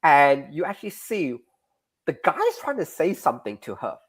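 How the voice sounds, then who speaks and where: Comic creator on a podcast, animated and rambling, pitch swinging widely. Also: male voice, moderate pace. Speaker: comic creator, interview guest. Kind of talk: explaining in a casual podcast interview.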